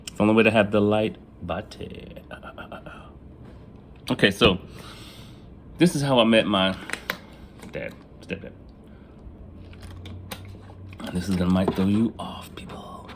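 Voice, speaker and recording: Casting note: man with a lowish voice, candid confessional vlog storytelling, faint room ambience behind. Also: measured pace, long pauses, a little hiss or hum. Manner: casual, profane, laughs at his own jokes; acts out family members in quoted lines. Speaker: vlogger telling his life story. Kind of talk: casual storytelling.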